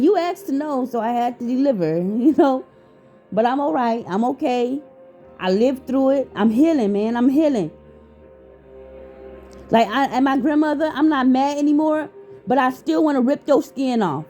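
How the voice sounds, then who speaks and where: A woman talks straight to her own camera in a raw, emotional way, cursing freely and doubling back on her words. Her voice sits a little high but has a soft, mellow tone. Faint music plays in the background. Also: animated, normal speed, pauses often. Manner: raw, emotional, profane, with frequent restarts. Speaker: vlogger. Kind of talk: candid personal vlog talk.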